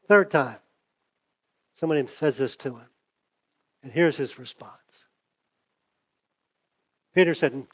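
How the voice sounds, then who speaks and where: A man preaching a sermon, conversational, acting out the dialogue with big swings from loud to hushed, and losing his voice. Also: a little high, normal speed, pauses often. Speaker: pastor.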